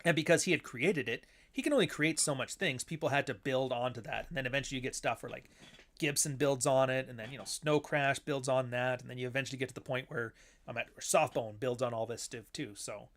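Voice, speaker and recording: A man's voice: medium pitch, brisk, fairly bright tone. A man who writes books, riffing casually on old films. He rambles, swears freely and acts out quoted lines. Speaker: author and host. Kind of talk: casual film commentary.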